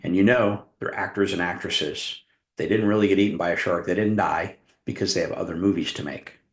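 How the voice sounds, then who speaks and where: A middle-aged man from Arizona giving a workshop talk, telling a story with animated, acted-out scenes. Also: deep voice, a little fast. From Tucson, Arizona. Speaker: workshop presenter, hypnotist coach. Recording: roomy echo.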